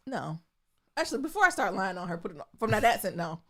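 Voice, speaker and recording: A woman co-hosting a podcast, chatting casually in an animated, candid way and swearing freely. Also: medium pitch, fast. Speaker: podcast co-host. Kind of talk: casual chat.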